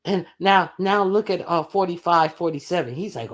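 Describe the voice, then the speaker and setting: A woman's voice: lowish voice, animated, normal speed, hardly any pauses. Profane, sarcastic woman commentator. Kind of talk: reaction commentary.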